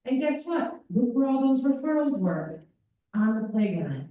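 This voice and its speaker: Woman, parent workshop talk, animated, mellow tone, distant mic, roomy echo. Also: medium pitch, moderate pace. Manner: animated, acts out children's voices. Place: school meeting room. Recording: echoey room from far off.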